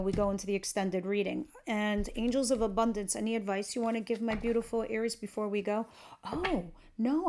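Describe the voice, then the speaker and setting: Chatty, high-voiced woman tarot reader. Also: a little mellow, slight background noise. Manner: chatty, laughs often, swears casually. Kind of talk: casual tarot reading to camera.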